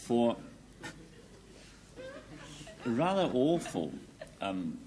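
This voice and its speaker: A man's voice: mid-range voice, sing-song, very slow, mellow, slight background noise, low-quality recording. A man on a panel game telling a comic made-up definition, hesitant and full of ums. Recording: 1970s TV studio with audience. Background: studio audience.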